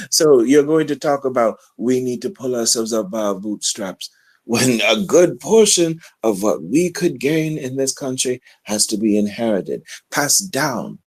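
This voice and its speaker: A man's voice: mid-range voice, animated, measured pace, slightly rough, no room sound. A man calling in to a live show to argue, sighing and laughing sarcastically as he speaks. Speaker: caller. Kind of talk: call-in debate.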